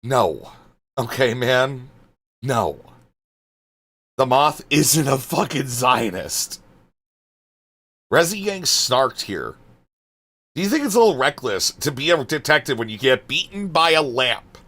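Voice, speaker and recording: Exasperated male streamer, bright lively voice. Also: mid-range voice, slow pace, long pauses. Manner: exasperated, swearing, muttering asides. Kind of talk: live-stream chat reading.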